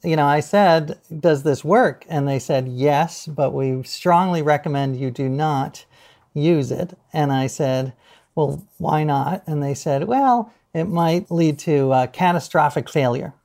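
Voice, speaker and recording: A middle-aged man telling anecdotes as a podcast guest, animated, laughing easily and acting out what people said. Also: fairly high pitch, unhurried. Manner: animated storyteller, laughs often, acts out quotes. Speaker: guest author. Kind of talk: casual podcast interview.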